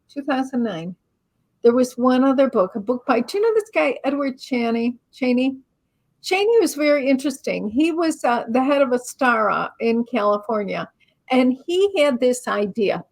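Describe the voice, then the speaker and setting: A middle-aged woman, a spiritual teacher and author, telling a lively, self-mocking story as an interview guest and acting out her own thoughts. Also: high voice.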